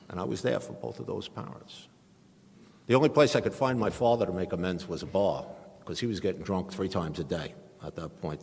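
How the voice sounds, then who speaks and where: A middle-aged man from Staten Island with a New York accent, speaking in a very low, husky voice. He tells his recovery story earnestly, with flashes of humor. The sound carries a long reverb from a meeting hall. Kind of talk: personal recovery talk.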